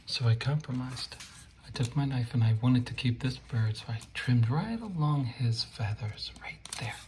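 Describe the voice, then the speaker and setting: A man's voice: medium pitch, expressive, moderate pace, a little mellow, a little hiss or hum. A man installing wallpaper and explaining it in a casual how-to tutorial, joking and playful, often dropping to a murmur while he works. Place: room being wallpapered, indoors.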